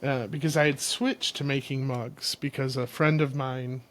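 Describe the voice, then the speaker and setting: A man's voice: mid-range voice, normal speed, a little hiss or hum. A man from Illinois, a ceramic artist guest, chatting casually and acting out the people in his stories. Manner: animated storyteller, acts out quotes. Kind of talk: casual chat.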